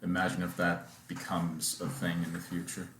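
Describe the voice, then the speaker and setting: A man's voice: sits low, monotone, normal speed, a bit bright, roomy sound, slight background noise. A man co-hosting a podcast in casual chat, tossing in short jokes and asides. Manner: joking, short interjections. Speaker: podcast co-host.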